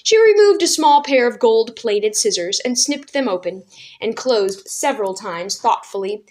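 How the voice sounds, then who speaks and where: A woman narrating a children's book aloud as a storyteller, calm and even. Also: a little high, moderate pace.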